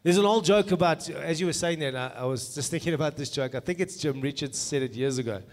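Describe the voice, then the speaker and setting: A man preaching in a conversational way and telling an anecdote as an animated storyteller, in a church meeting room. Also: fairly high pitch, fast talker. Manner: animated storyteller, laughs at own jokes. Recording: long reverb from a hall.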